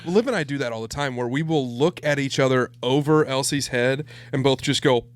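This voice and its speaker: A man co-hosting a casual podcast, telling parenting stories in an animated way and swearing casually. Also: mid-range voice, fairly quick, no room sound. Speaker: podcast co-host.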